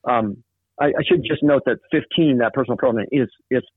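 A man's voice: mid-range voice, brisk, slightly rough, no echo. A man in a casual Bible study discussion, explaining a passage thoughtfully with frequent fillers. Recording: tinny phone-like line.

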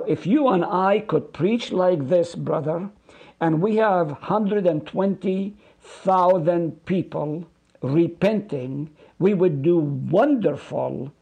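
A middle-aged pastor with a fairly high, husky voice, darkish in tone with vocal fry, teaches a Bible study earnestly in a preacherly style. He repeats phrases for emphasis and explains Hebrew words slowly, drawing them out.

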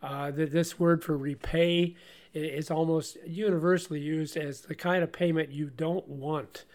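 A man co-hosting a Bible-study radio show, teaching in an animated way with frequent laughs and stumbling restarts. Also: a little high, unhurried.

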